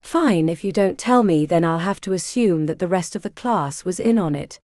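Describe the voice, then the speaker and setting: A woman's voice: lowish voice, expressive, moderate pace, darkish tone, dry recording, studio quality, natural voice. A woman reading the part of an arrogant male hospital doctor who speaks with contempt and threats. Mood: threatening.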